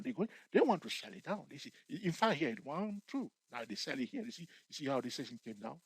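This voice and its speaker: A man walks viewers through stock charts in a tutorial, pitched in an ordinary middle register. He keeps checking in with "you see?" and "okay?" as he points things out. The recording is dry and close, with almost no room sound. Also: no echo, poor audio. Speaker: trading educator. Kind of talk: screen-share chart tutorial.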